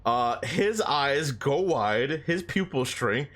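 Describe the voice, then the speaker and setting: A man's voice: medium pitch, animated, takes it slowly, a bit bright. Young guy rambling thru a dream story, swears a lot, laughs a bunch. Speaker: streamer.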